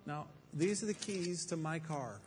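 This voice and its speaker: A man's voice: a little high, expressive, a little slow, a little mellow. A man preaching a Bible teaching to a room full of people, conversational and emphatic, with rhetorical questions. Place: room with an audience. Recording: faint reverb and background noise.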